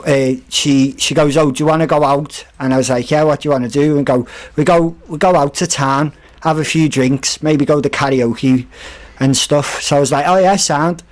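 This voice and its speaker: A man appearing as a podcast guest tells a story casually and with energy, acting out the voices of the people in it. His voice is on the high side and he speaks at normal speed.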